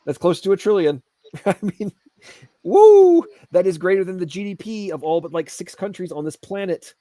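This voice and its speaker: A man's voice: high-pitched, quick pace, warm tone, no room sound. A man hosting an aftershow, ranting heatedly and sarcastically about government waste. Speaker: show host. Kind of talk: aftershow rant. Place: Asheville home studio.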